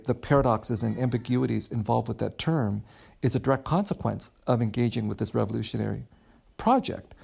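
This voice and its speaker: Gravelly husky man, thoughtful author. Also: medium pitch, darkish tone. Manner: thoughtful, earnest, with many restarts. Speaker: author guest. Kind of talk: podcast interview answer.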